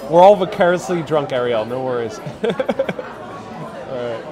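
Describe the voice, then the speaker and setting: Inside a busy restaurant, a travel vlogger from the United States holds his phone at arm's length for a casual live stream, tasting food and drink. Medium-pitched and expressive at a measured pace, he chats playfully with viewers, calling them ladies and gentlemen, while crowd chatter fills the background.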